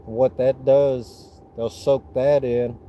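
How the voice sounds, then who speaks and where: A man with a Southern US accent talks slowly and loosely, restarting his sentences as he explains things to viewers on a live stream. His voice is dark and mellow. The audio is dull and lo-fi, with a faint hum underneath. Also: medium pitch. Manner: relaxed, rambling explanations with restarts. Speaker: fishing livestream host. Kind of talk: casual livestream chat.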